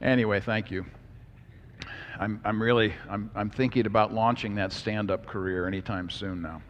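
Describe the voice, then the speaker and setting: A man teaching a Bible class from slides, animated and emphatic, with joking asides. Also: lowish voice, normal speed, a little hiss or hum. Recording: long hall reverb.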